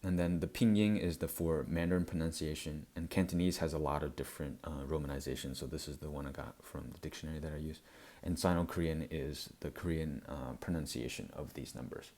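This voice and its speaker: Very deep-voiced man explaining slides. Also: steady tone, darkish tone. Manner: halting, many fillers. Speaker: language educator. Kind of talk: explanatory lecture over slides.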